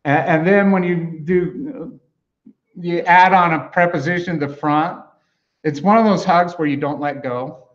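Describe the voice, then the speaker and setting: A man delivers a teaching sermon at an unhurried pace, stumbling through fillers and restarts as he works through grammar. His voice sits a little high for a man. The recording is dull and lo-fi. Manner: conversational, many fillers and restarts, explains Greek grammar. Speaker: pastor. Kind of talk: expository sermon.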